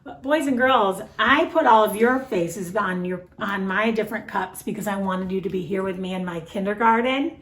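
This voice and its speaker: A woman kindergarten teacher speaking gently and coaxingly to young children, with a sing-song lilt. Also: fairly high pitch, reverberant. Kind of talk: teaching kids over video.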